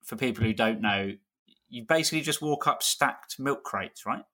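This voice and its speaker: A man's voice: medium pitch, normal speed, sharp tone. Dry-humoured man on a podcast. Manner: dry, self-mocking. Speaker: podcast co-host. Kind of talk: casual podcast chat.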